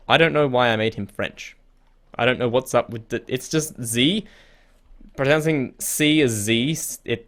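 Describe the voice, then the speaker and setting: A let's play gamer with a medium-pitched voice offers casual commentary, reading the game's text aloud. He laughs a lot, seems easily confused, and swears casually now and then.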